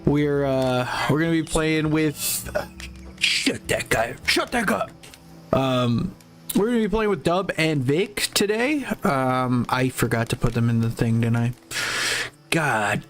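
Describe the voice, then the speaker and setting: A man's voice: mid-range voice, a little slow, soft background music. Tired, rambling young man streaming a game. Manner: rambling, casual, drops swear words, mumbles while fiddling with settings. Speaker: gaming streamer. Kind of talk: casual gameplay stream talk.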